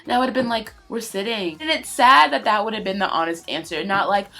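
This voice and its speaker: A woman's voice: mid-range voice, fast, creaky. A young adult woman chatting casually in a storytime vlog, acting out what people said and swearing freely. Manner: animated, acts out quoted dialogue, swears freely. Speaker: vlogger.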